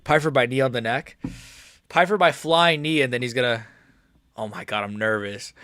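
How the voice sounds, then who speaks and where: A young male streamer talking in a loose, rambling way, jumpy with nerves and hype. His voice sits at a middle pitch, and the sound is dry and close with no echo. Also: moderate pace. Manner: excitable, rambling, keeps saying he's nervous. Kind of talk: live watch-along chat.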